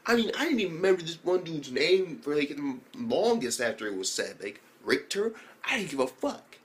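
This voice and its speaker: Excitable young man recapping anime. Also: a little high, fairly quick, few pauses. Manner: excitable, swearing, mimics characters in exaggerated voices. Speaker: anime reviewer. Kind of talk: casual profane recap.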